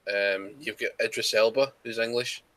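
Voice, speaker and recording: A man's voice: on the low side, fairly even intonation, normal speed, fairly bright tone. Scottish man, blunt casual chat. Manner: blunt, swears, laughs along.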